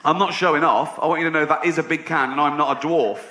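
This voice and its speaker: A man's voice: fairly high pitch, steady tone, fast, sharp tone. A man doing a stand-up comedy set, telling stories in a sardonic, mock-indignant way. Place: theatre stage before a laughing audience. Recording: roomy hall with audience noise.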